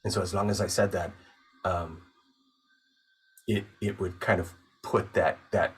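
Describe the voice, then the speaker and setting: A man who works as a voice actor and narrator, a guest on the show, calmly and thoughtfully explaining his craft step by step in casual conversation. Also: deep voice, measured pace, breathy edge, recorded from a distance. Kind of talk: casual interview chat.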